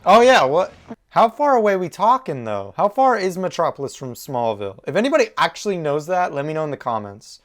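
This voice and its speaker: A man hosting a reaction video, talking excitedly back at the characters on screen. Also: a little high, fairly quick. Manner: animated, exclaims and talks to the characters.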